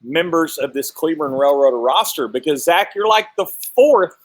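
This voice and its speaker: A man's voice: a little high, animated, normal speed. A man hosting a live sports talk show, joking with a guest, teasing and congratulating him. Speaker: sports broadcaster and show host.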